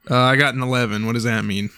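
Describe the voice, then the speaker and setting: A man playing a comedic tabletop game, making deadpan jokes. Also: mid-range voice, a little fast, clear, resonant tone, no room sound, clean studio sound. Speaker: player.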